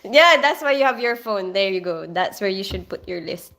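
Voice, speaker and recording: A woman's voice: medium pitch, lively intonation, moderate pace, a bit bright. A woman, chatting casually on a livestream with lots of laughter and rambling asides. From Philippines. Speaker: nurse and livestream host. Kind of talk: casual livestream chat reading viewer comments.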